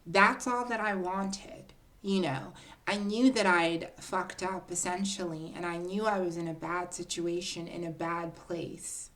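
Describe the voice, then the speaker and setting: A woman sits down for a casual storytime, taking her time with every word in a slightly low, relaxed voice. She is confiding and dramatic, calling her listeners "girl" and pausing to build the moment. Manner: chatty, confiding, keeps addressing listeners as "girl"; dramatic storytelling with pauses and restarts. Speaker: vlogger telling a personal story.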